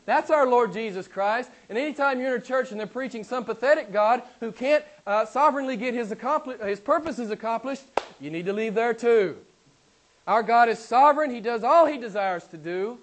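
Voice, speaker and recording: A middle-aged man preaching a sermon, swinging between loud emphatic declarations and hushed, quiet asides. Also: extremely high pitch, animated, normal speed. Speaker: pastor.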